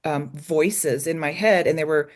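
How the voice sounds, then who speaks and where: A woman's voice: low voice, measured pace, darkish tone. A woman guest telling a candid, emotional personal story in an interview, with many ums and restarts. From United States. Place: small logging community in Idaho.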